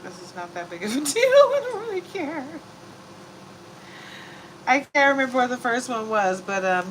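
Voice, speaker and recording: A woman's voice: on the low side, noisy background. A woman giving a casual, rambling zodiac reading who laughs easily. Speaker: tarot reader.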